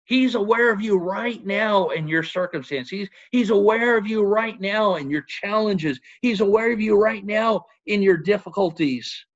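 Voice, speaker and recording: A man's voice: sits high, moderate pace, few pauses, dull audio. A man preaching a sermon in an earnest manner, asking rhetorical questions and citing scripture.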